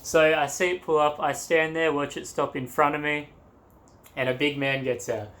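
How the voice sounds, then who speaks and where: A man's voice: a little high, steady tone, moderate pace, fairly bright tone. A young man in a travel vlog, telling a story to the camera in a loose, rambling way, with laughs and crude asides. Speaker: travel vlogger.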